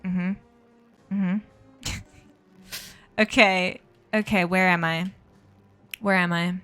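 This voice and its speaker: A woman's voice: fairly low pitch, fairly even intonation, very slow, a bit bright, clean tone, faint music behind. A woman live-streaming a game, chatting casually with viewers, thanking and greeting them and laughing often.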